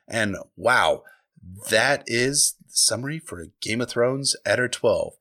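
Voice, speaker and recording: A man's voice: mid-range voice, animated, slow, pushed and bright. A man hosting a podcast, recapping a book chapter in a casual, profane, enthusiastic way. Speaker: podcast host.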